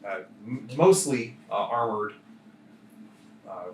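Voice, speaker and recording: A man's voice: fairly low pitch, expressive, takes it slowly, a little mellow. Laid-back man running a tabletop game. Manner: hesitant, many fillers, bursts into laughter. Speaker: game master. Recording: roomy sound from a distant mic with faint noise.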